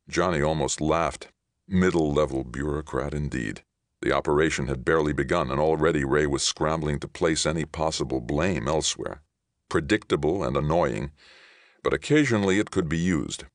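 Very deep male audiobook narrator. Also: normal speed, no room sound, studio quality, soft background music.

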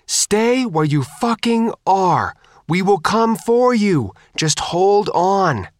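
A man voicing a panicky, brash teenage girl fighter who swears and shouts. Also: fairly high pitch, sing-song, moderate pace, no room sound, studio quality, voice pushed up. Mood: commanding.

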